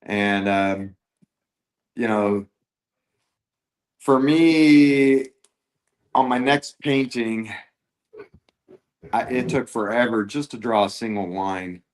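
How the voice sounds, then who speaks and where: A man with a fairly low voice speaks on a podcast as a guest. He tells a story casually and haltingly, breaking off and restarting. His words come through a close podcast mic. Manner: halting, full of fillers and restarts. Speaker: guest, airbrush artist.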